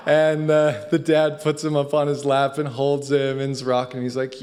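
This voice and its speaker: A man giving an inspirational talk at a spiritual center, conversational and animated, often laughing. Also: on the high side, slow, pauses often.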